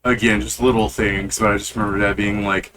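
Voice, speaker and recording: A man's voice: on the low side, flat delivery, brisk, noisy background. A man in casual pregame chat with his gaming group, venting in an irritated, swearing rant and acting out both sides of an argument. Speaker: player in a tabletop game group.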